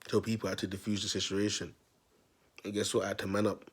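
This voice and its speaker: Husky low-voiced man rambling. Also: level tone, quick pace. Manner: streetwise slang, repeats himself, keeps addressing viewers as people. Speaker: self-styled prophet vlogger. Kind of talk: rambling storytelling monologue.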